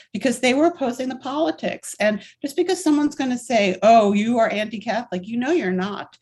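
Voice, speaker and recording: A woman's voice: mid-range voice, a little mellow. Emphatic woman in her sixties. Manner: emphatic, candid, talks in long flowing runs. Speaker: interview guest, activist and writer. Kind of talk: conversational storytelling interview.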